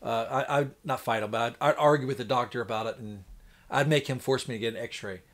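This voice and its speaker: A man's voice: medium pitch, fast talker, a bit bright. A man chatting casually on a live stream, rambling in a folksy way and acting out what the doctors said. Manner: folksy, rambling, acts out doctors in quoted voices. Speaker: homestead livestreamer.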